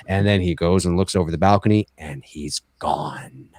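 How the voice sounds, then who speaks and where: Rambling low-voiced man, dry sound. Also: fairly quick, dry recording. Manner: rambling, animated, acts out film lines. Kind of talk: casual panel discussion.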